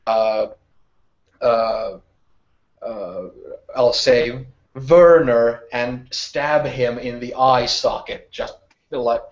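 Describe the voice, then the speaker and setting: A man playing a tabletop role-playing game, halting with many fillers. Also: mid-range voice, fairly even intonation, muffled recording. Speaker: player.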